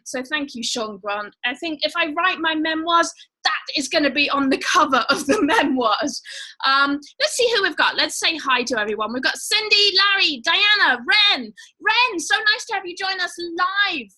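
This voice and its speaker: A woman's voice: high-pitched, expressive, normal speed, bright, forceful tone, poor audio. A woman hosting a live online show, chatting casually with viewers in a bubbly way with lots of fillers. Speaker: livestream host.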